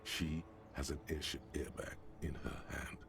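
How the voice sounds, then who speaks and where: Grave male game narrator: rumbling low, gravelly, measured; score underneath. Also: steady tone, heavily acted. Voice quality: very deep and gravelly. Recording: game audio with music underneath.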